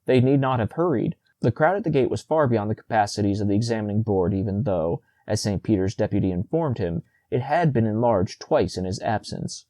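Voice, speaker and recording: A man narrating a classic short story as an audiobook, in a measured storytelling manner. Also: lowish voice, mellow, no echo.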